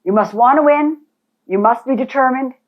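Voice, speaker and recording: A woman's voice: high voice, normal speed. A woman leading a real estate boot camp presentation, emphatic and talking straight to the people in the room. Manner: animated, emphatic, addresses audience directly. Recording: phone-like thin sound.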